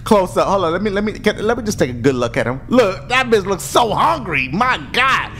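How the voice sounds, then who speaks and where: Brief: excitable male let's-play commentator, loud and profane, swooping all over. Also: high-pitched, brisk. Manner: loud, profane trash talk, frequent yelling and laughter. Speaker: gaming commentator. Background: game music.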